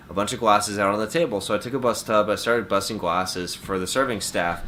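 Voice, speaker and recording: A young man from Washington State, co-hosting a podcast, telling a story in an animated, profane way. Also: sits low, slight background noise. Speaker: podcast co-host. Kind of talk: casual storytelling.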